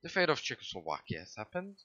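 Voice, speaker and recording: A man giving casual, excitable commentary while livestreaming a strategy game, swearing and breaking into sudden loud outbursts. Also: medium pitch, fast talker, no echo, muffled recording. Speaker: gaming livestreamer.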